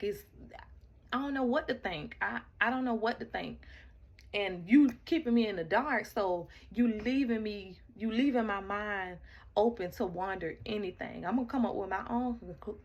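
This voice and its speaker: A woman casually telling a personal story straight to her listeners, animated, acting out the quoted lines and often repeating words as she goes. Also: medium pitch, moderate pace, highs cut off. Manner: talks straight to the audience, repeats and restarts words.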